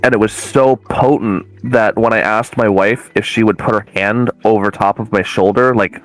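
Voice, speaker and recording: A man's voice: on the low side, steady tone, moderate pace, faint music behind, poor audio. A man, a guest medium, telling a long story in a casual, rambling way with many fillers and restarts.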